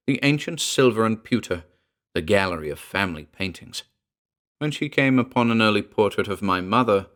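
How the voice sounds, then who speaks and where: A man narrating a first-person horror story in a measured, earnest way. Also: lowish voice, fairly bright tone. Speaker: audiobook narrator. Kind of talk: scripted narration.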